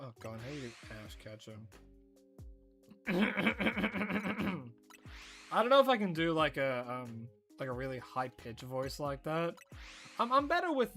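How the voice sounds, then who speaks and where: A woman streaming a game and chatting casually, playful and given to mock-dramatic narration and whispered asides. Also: deep voice. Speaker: gaming livestreamer.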